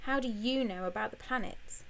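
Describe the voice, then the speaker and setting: Woman doing a flustered little boy arguing back, high and defensive, storybook read-aloud. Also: normal speed, natural voice. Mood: indignant. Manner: protesting, defensive. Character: indignant young schoolboy, easily flustered. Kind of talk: audiobook character reading.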